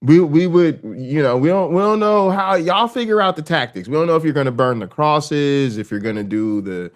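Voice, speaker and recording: A man hosts a casual reaction livestream in a profane, animated style. His delivery swings from low, quiet murmurs to fast, excited rants. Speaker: streamer host.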